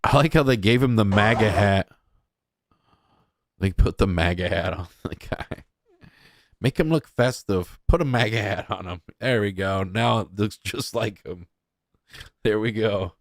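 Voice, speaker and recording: A man's voice: on the low side, measured pace, long pauses, no echo, studio quality. A man hosting a loose news commentary stream, reacting to clips as they play. He talks casually with a sarcastic, mocking edge and a lot of jokes. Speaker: host.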